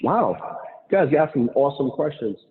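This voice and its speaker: A man giving a lively motivational talk as a guest speaker on an online call, acting out quotes as he goes. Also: fairly high pitch, brisk. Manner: animated, acts out quotes, laughs. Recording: tinny phone-like call audio.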